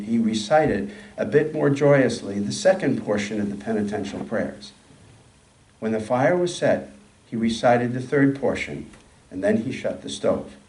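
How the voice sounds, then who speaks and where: A man giving a sermon, reading a story aloud in a slow, measured way. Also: on the low side, darkish tone, echoey room, distant mic, poor audio. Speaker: speaker.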